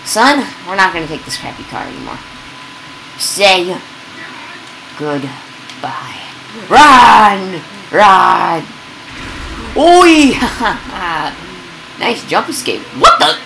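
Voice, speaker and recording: Excitable lively-voiced woman gamer. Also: fairly low pitch, noisy background. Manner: excitable, yelps and laughs at chaos. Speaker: gameplay commentator. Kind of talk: casual game commentary.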